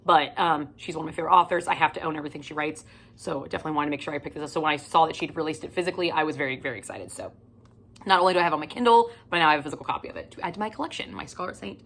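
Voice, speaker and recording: A woman chatting casually in a book haul vlog, gushing and excitable, swearing freely and swinging between loud squeals and whispers. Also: low-pitched, very fast, a little hiss or hum. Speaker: book vlogger.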